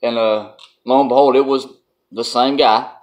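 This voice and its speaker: A man's voice: medium pitch, steady tone, moderate pace. Folksy man telling a story. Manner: blunt, folksy, laughs often. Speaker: vlogger. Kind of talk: casual storytelling.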